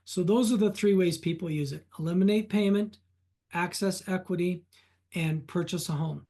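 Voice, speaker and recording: A man being interviewed on a podcast as a reverse mortgage specialist, telling client stories in an animated way. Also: high-pitched, normal speed. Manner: animated anecdotes, retelling client conversations.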